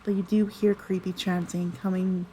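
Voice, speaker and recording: On a low-quality recording with slight hiss or hum, a woman narrates a tabletop game as its game master. Her voice is on the low side, mellow and level-toned at a moderate pace, and she rambles chattily with many fillers and self-corrections.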